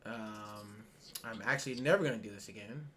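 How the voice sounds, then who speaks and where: A man's voice: on the low side, normal speed, bright, forceful tone. A man co-hosting a casual podcast, swearing constantly and laughing mid-sentence as he rants. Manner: swears constantly, ranty, rises sharply when worked up, laughs mid-sentence. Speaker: podcast co-host. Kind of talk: casual profane chat.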